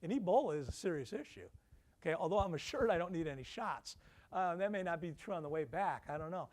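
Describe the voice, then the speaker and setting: A middle-aged professor lecturing alumni in a slightly high voice. He keeps it conversational, tossing questions at the audience and slipping in self-deprecating asides. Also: expressive, quick pace, darkish tone.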